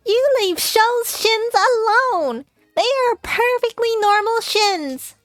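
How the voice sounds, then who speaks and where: A woman's voice: extremely high pitch, lively intonation, slow pace, fairly bright tone, no echo, studio quality, soft background music, pitched above the performer's own voice, full character voice. A woman voicing a sweet, bubbly schoolgirl best friend in a cutesy uwu voice for a dating game. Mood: indignant.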